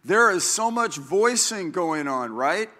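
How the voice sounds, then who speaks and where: A man in his sixties, a pastor, delivers a sermon in a bright, high voice. He talks in a chatty, animated way, acting out the voices in his stories with big jumps in pitch. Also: slow pace.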